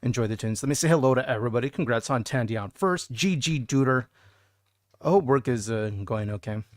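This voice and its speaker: A man's voice: mid-range voice, a little fast, no room sound, studio quality. A man streaming live, chatting casually with viewers, goofing around and singing bits of songs. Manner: goofy, sings song snippets and jokes with chat.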